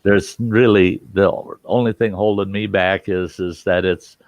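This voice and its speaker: A man with a northern US accent hosts the chat in a lowish, unhurried voice. He talks in long, meandering stretches. The sound is a bit dull, like an online call. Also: dry recording. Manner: rambling, relaxed storyteller. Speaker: host. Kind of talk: casual group chat.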